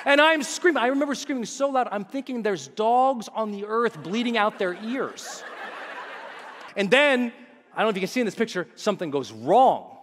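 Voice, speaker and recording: A motivational speaker with a voice that sits high gives an energetic keynote at normal speed, telling a story and acting out voices and screams. The animated performance is captured with live hall reverb and faint noise.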